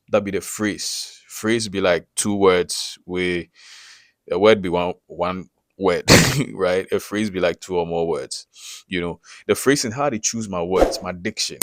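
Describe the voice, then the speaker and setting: Guy, deep-ish voice, dry close sound, keeps asking if you get it. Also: dry recording. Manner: checks in often with rhetorical questions. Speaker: recording artist teaching branding. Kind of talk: casual explainer to camera.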